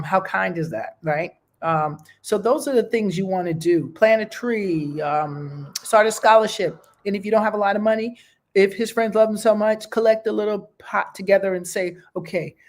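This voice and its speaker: A woman hosting a show, talking in a casual, heartfelt way and often checking in with "okay?" and "you know". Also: fairly low pitch. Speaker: host.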